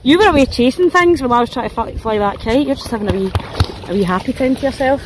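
A woman's voice: on the high side, fast, noisy background. A woman vlogging casually while out walking her dogs, chatty and self-mocking, laughing often, recorded on a phone outdoors. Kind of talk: casual outdoor vlog chat. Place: windy open hillside outdoors.

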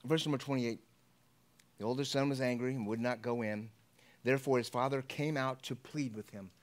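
Brief: middle-aged male pastor, informal preaching, mid-pitched, often asks the room if they follow. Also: steady tone, a little fast. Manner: conversational, repeats words, checks in with the congregation. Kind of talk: sermon.

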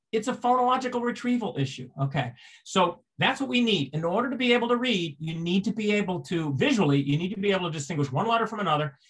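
A man giving a seminar lecture, explaining step by step, asking rhetorical questions and restarting phrases as he goes. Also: sits high.

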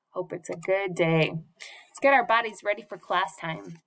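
A woman's voice: fairly high pitch, normal speed, a bit bright. A woman teacher leading a morning classroom routine for young children, prompting patiently in a sing-song way. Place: classroom or home teaching space.

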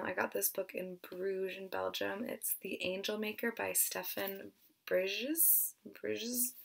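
A woman talks casually as a book vlogger, her mid-pitched voice full of gravelly vocal fry. She sounds a little out of breath and hesitant, tripping over names and slipping into whispered asides. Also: fairly bright tone. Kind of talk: casual chat.

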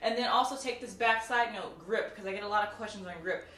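A woman's voice: medium pitch, quick pace, pushed and bright. Brief: woman instructor counting drills, echoey room, mic at a distance. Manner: counts out moves and cues students; chatty, laughs and jokes with viewers. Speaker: martial arts instructor. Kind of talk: instructional tutorial.

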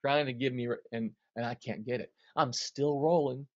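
Appearing as an interview guest, a man with a mid-range voice tells a stage story at a moderate pace, acting out the other characters' voices as he goes. He is an animated storyteller who performs the quotes. The recording is dry and slightly dull.

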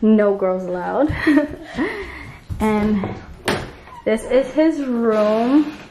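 A woman's voice: a little high, very slow, background noise. A woman giving a casual tour of her home, filming on a handheld phone and rambling with ums and small laughs. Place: home apartment, indoors. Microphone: handheld phone camera while walking.

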